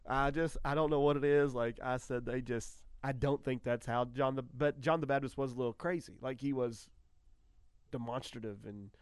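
Male radio host, middle pitch, dry studio sound, animated and excitable with restarts. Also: normal speed, clean tone, no echo. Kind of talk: casual chat.

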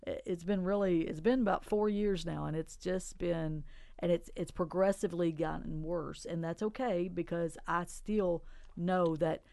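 A middle-aged woman talking faith on a Christian radio show, with a gravelly, creaky edge to her voice. She speaks earnestly, laughs often and leans on scripture. The sound is dry and close. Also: fairly low pitch, steady tone, a little slow, warm tone, no echo. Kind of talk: Christian radio talk and prayer.

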